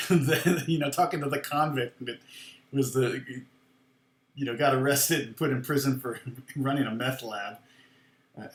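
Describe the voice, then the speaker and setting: A man's voice: medium pitch, fairly bright tone. A middle-aged man, a guitar teacher on a live stream, telling a story in a rambling way, with frequent chuckles and restarts. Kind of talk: casual storytelling chat. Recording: echoey room.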